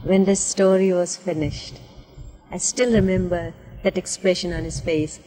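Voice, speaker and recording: An older woman tells stories at an unhurried, deliberate pace, with a devout, reflective manner. Her voice carries a long reverb, as in an old 1970s filmed interview. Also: on the low side, fairly even intonation, warm tone. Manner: slow, storytelling, devout. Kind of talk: recollecting in an interview.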